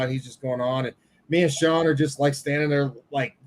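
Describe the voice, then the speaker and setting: A man's voice: medium pitch, fairly even intonation, quick pace, darkish tone, poor audio. A man co-hosting a paranormal podcast, telling a story in casual chat and quoting people as he goes, swearing now and then. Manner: candid, swears casually, retells dialogue.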